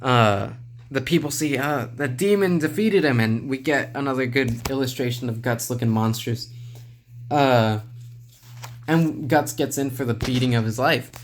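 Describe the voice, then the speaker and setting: A man talks through a manga review in a relaxed, meandering way, filling his pauses with "uh" and the odd chuckle. His voice sits in an ordinary middle pitch. A faint ambient hiss is heard under the recording. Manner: relaxed, rambling, many "uh" fillers, chuckles to himself. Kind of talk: casual video review.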